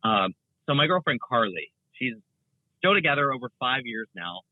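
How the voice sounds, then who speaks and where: Animated young man on a tinny line. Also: mid-range voice, normal speed, dry recording. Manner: rambling, animated, many fillers and restarts. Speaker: guest content creator. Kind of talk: casual interview chat.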